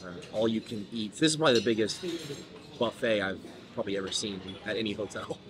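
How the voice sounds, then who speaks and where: A man's voice: fairly low pitch, quick pace. A man hosting a casual vlog, chatty and upbeat, talking at a hotel breakfast buffet. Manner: chatty, upbeat, says "bro" and "like". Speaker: vlog host. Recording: busy crowd noise behind. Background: loud crowd chatter.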